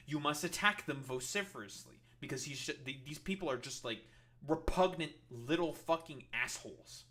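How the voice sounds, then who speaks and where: A man's voice: a little high, normal speed, bright, forceful tone. A man streamer reacting to a clip, ranting in a heated, sarcastic, profane way. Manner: sarcastic, heated, swears constantly.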